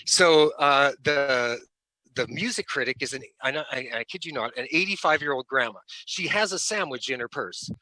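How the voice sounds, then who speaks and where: A man, a rock band's lead singer, casually telling lively anecdotes as a guest and laughing along. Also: mid-range voice, moderate pace, no echo, poor audio. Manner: animated storyteller who laughs between lines.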